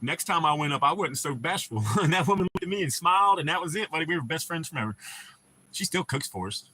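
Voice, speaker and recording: A man's voice: medium pitch, bright, forceful tone, slight background noise. A young American man hosting a casual livestream, telling rambling, profane stories to his chat. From United States. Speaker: livestream host.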